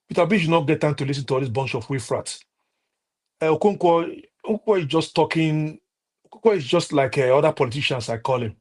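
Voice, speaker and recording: A fast-talking man with a fairly high voice and a Nigerian accent goes on a heated political rant over a live stream. The delivery is impassioned and repetitive, broken by frequent restarts and fillers.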